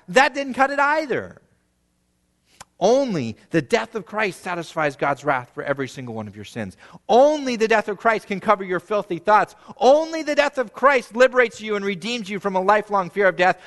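A man in his thirties with a fairly high, light voice delivers a sermon from the pulpit. He preaches earnestly, building to emphatic repeated lines and then letting phrases fall away almost to a hush. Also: long reverb tail. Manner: earnest preaching that swells to emphatic peaks and drops to quiet, hushed endings. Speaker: pastor.

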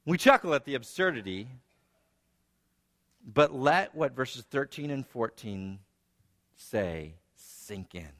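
A man's voice: medium pitch, animated, slow, long pauses, in a large hall. A man preaching a sermon, earnest, dropping to near-whispers and rising to emphatic passages. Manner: earnest preaching, swinging between hushed and emphatic.

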